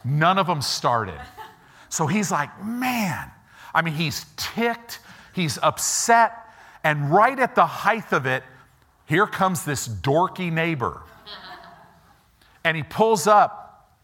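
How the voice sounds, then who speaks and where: A man preaching in a church, telling a lively story and acting out the voices of its people, with casual asides to his listeners. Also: fairly high pitch, slow pace, long pauses. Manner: animated storyteller, acts out quoted voices; informal, asides to the audience. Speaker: pastor. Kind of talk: storytelling sermon.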